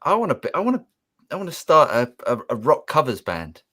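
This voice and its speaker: A man's voice: fairly high pitch, huge pitch swings, fairly quick, bright, forceful tone. A man co-hosting a live music Q&A stream, upbeat and reading out viewer comments and questions. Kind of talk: casual live-stream chat.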